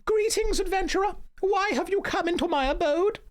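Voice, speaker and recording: A man's voice: very high voice, normal speed, voice pushed up. A man voicing a wise old woman in a game, speaking in a grand, theatrical way. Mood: mystical. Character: wise old woman who understands cats.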